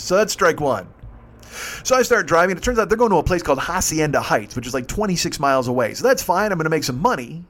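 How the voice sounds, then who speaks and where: Fast, profane man telling a story. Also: fairly high pitch. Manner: fast, profane, animated, acts out dialogue. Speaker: podcast host. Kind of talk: casual storytelling.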